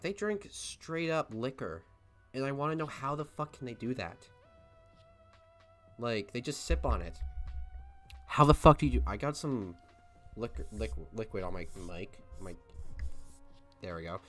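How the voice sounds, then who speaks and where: A young man hosting a let's play, commenting on a game in an excitable, crude, joking way. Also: mid-range voice. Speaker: gaming host.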